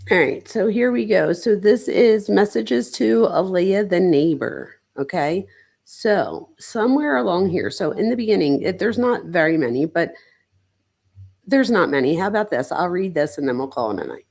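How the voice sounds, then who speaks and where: Gravelly low-voiced woman, chatty. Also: animated, normal speed, darkish tone. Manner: chatty and loose, with many "like"s and self-interruptions. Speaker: psychologist hosting a true-crime livestream. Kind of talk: casual livestream commentary.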